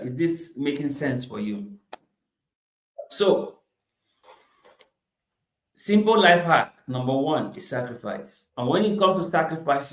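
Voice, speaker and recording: A man giving a motivational talk, emphatic, repeating his points and swinging between loud bursts and quieter stretches. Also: mid-range voice, roomy sound, poor audio. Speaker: motivational speaker.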